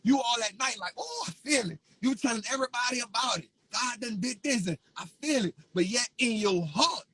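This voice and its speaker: A man's voice: very high voice, a little fast, hardly any pauses, fairly bright tone, slightly rough, no echo, rough recording. A man, giving fervent, repetitive motivational preaching to his viewers. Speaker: vlogger.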